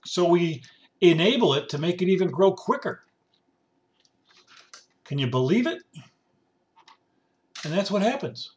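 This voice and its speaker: A middle-aged man delivers a sarcastic, rambling rant, circling back and repeating himself as he goes. His pitch sits a little high and swings widely, and he sounds slightly distant from the microphone. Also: expressive, measured pace, long pauses. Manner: sarcastic, mimics complainers in grumbling voices; rambling with restarts and repetition. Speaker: commentator. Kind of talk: casual ranting monologue.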